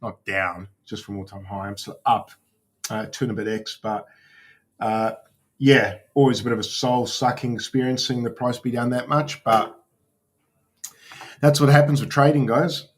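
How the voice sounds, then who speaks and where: A man's voice: medium pitch, fairly even intonation, normal speed. A man hosting a casual crypto livestream, swearing freely and talking to his chat as he browses.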